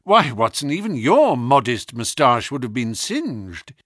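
A man voicing Sherlock Holmes, a keen and sharp-minded detective who speaks in a measured, probing and lecturing way, in an audiobook reading. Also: medium pitch, sing-song, husky, no room sound, clean studio sound, full character voice.

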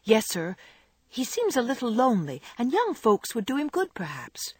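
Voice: medium pitch, huge pitch swings, moderate pace, husky, no echo, pitched above the performer's own voice. A reader voicing a blunt, eager young girl who answers politely, in a storybook reading.

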